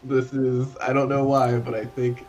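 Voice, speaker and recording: A man's voice: medium pitch, level tone, measured pace, darkish tone, highs cut off, slight background noise. A man co-hosting a casual gaming stream, chatting and telling stories in an easy, loose way. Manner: chatty, nostalgic storytelling. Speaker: stream co-host.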